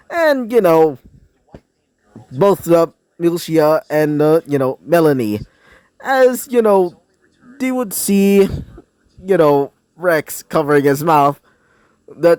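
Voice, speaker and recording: A man's voice: a little high, a little mellow, dry recording. A man improvising a fan-fiction story, rambling with many fillers and self-corrections.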